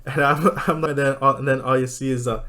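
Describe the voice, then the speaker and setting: An excited man recaps an anime episode in a loose, rambling way. He breaks into laughter often, and his voice sits at a middle male pitch. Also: brisk.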